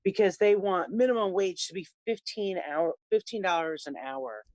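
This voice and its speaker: A woman's voice: medium pitch, moderate pace, dry recording. Opinionated woman co-host. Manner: opinionated, animated. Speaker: talk show co-host. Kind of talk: casual political talk.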